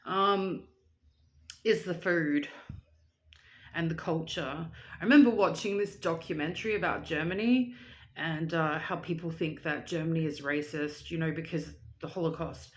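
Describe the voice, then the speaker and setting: Young woman vlogger with a lowish voice, chatty and goofy, easygoing pace. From Australia. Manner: chatty and playful, with silly asides and rambling tangents. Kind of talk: casual chat reading out viewer shoutouts.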